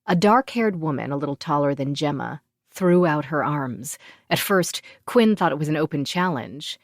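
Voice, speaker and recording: A woman narrating a fantasy audiobook in an even, measured storytelling manner. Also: sits low, no echo, clean studio sound. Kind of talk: scripted narration.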